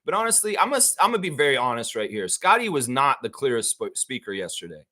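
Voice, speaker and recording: A man with a Southern US accent hosting a live-stream, ranting in a heated, profane, animated way. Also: medium pitch, fast talker. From American South. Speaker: show host. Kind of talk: casual live-stream commentary.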